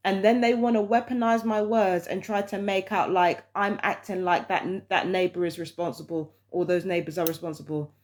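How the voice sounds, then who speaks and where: A woman's voice: lowish voice, steady tone, normal speed, few pauses, a little mellow. A woman, ranting heatedly and with lots of swearing in a casual vlog monologue. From London, England. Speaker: vlogger.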